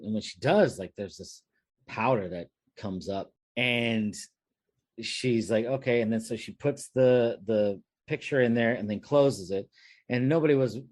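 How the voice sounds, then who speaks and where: A man's voice: fairly low pitch, a little mellow, dry recording. A man co-hosting a podcast, telling a long work story in rambling casual chat with many fillers and restarts. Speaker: podcast co-host.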